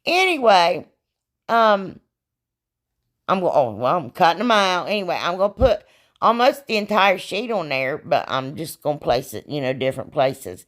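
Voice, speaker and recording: A woman, a bit hoarse from losing her voice, rambling chattily through a crafting voiceover as a channel host. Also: sits low, very animated, fairly quick. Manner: chatty, rambling, self-deprecating, frequent "y'all" and "anyway".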